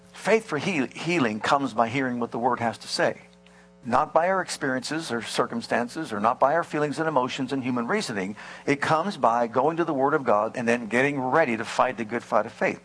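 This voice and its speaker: A man's voice: medium pitch, fairly bright tone, slightly rough, low-quality recording. A male preacher giving a sermon, telling a healing story with quoted voices and reading scripture aloud. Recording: mains hum behind.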